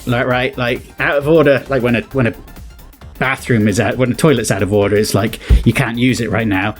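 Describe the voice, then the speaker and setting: A man's voice: mid-range voice, steady tone, a little fast, soft background music. A British man giving casual reaction commentary, rambling, chuckling and often correcting himself. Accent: British English. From Britain. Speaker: YouTuber.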